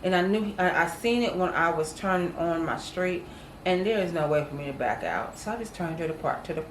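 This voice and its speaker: A woman's voice: on the low side, lively intonation, fairly quick, reverberant, a little hiss or hum, poor audio. Earnest woman telling her testimony. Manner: earnest storytelling, acts out quoted voices, addresses viewers as y'all. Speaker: co-host. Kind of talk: casual testimony chat.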